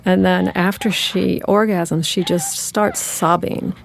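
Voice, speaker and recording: A woman's voice: on the low side, fairly even intonation, takes it slowly, gravelly, a little hiss or hum. A woman telling a personal story in a reflective, conversational way. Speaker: narrator. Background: music.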